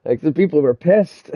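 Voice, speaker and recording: A man's voice: fairly high pitch, no room sound, highs cut off. Laid-back swearing young man, dry sound. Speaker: sim racing streamer. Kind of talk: casual chat over voice chat.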